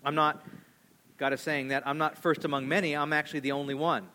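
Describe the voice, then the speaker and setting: A male pastor in his thirties delivering a sermon with a high-pitched voice. He is animated, rising loud for emphasis and dropping to hushed, low asides. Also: a little fast.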